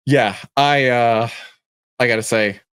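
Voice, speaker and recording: A man's voice: medium pitch, slow, smooth, no echo, studio quality. Upbeat man hosting a livestream. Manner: excited, chatty, reads viewer comments aloud. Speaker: show host. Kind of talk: casual livestream commentary.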